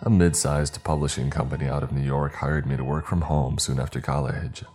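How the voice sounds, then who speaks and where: Very deep-voiced man narrating a story. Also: fairly even intonation, brisk, darkish tone. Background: faint music.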